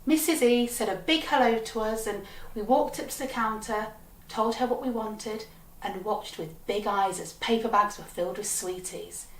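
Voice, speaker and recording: A woman storyteller telling comic tales from her childhood with a wry, deadpan delivery. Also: medium pitch, moderate pace. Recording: roomy sound from a distant mic.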